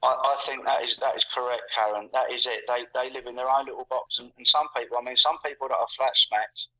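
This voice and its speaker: A man's voice: medium pitch, fairly even intonation, fast, sharp tone. A man in his sixties from England, a guest talking casually and ramblingly, repeating words and stacking fillers. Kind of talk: casual conversation. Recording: muffled, lo-fi call audio.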